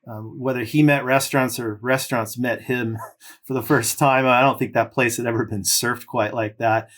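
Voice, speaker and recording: A man in middle age, originally from California and formerly a pro surfer, chats as a podcast guest in a medium-pitched voice at a moderate pace. The long stories come out relaxed and rambling, padded with loose fillers.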